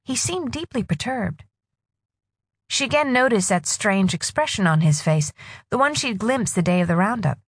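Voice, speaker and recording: Husky woman reading a story expressively. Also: mid-range voice, expressive, normal speed, no room sound, studio quality. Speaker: audiobook narrator. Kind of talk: scripted narration.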